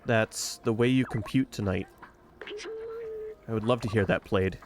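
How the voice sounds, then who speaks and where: A man's voice: fairly low pitch, a little slow. A man streaming a video game, chatting casually and thinking aloud as he plays. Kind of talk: casual let's-play commentary. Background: faint game music.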